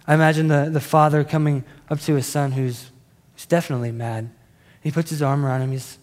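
A male pastor delivers a sermon as lively, conversational storytelling. His voice sits high for a man, and a long reverb trails each phrase in the hall. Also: brisk.

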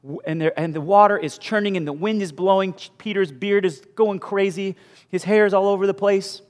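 A male pastor preaching a sermon with animated storytelling, moving from loud bursts to hushed asides. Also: high-pitched, fairly quick. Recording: long hall reverb.

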